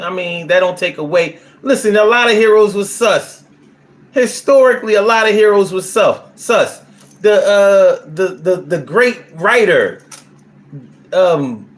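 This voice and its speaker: A man hosting a live stream, reading viewers' comments aloud and answering them bluntly with lots of cursing. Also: high voice. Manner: blunt, profane, swings into loud animated bursts. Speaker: livestream host reading chat. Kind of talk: casual live-stream chat.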